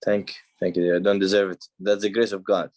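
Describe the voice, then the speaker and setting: Priest host, man, low-pitched, hesitant phrasing, heartfelt. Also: flat delivery, fast talker, darkish tone. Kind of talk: conversational interview.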